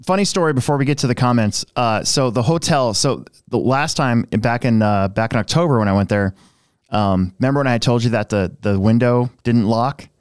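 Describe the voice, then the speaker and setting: A man's voice: medium pitch, a little fast, smooth, dry recording, studio quality. Rambling man telling a story. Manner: rambling, restarts often, animated when telling a story. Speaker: podcast co-host. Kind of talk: casual storytelling chat.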